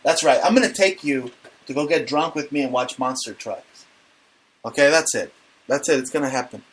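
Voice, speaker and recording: A man's voice: mid-range voice, brisk, a bit bright, slight background noise. A man hosting a casual comedic talk show, brash and profane, joking as he rants. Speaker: podcast host.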